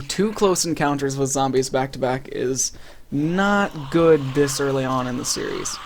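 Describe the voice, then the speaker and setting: A man's voice: mid-range voice, slight background noise. A man casually narrating his own game footage in a laid-back, rambling, self-deprecating way. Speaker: gaming channel host.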